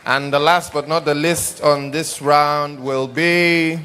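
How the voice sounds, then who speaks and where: A man's voice: fairly high pitch, steady tone, takes it slowly, bright, forceful tone, smooth. A man hosting an award event, formally announcing honorees and calling for applause. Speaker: master of ceremonies.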